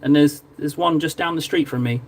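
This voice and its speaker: Guy from cornwall chatting on his stream, jokey, kinda high voice. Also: fairly quick. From Cornwall, England. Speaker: live-stream miniature painter. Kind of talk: casual live-stream chat.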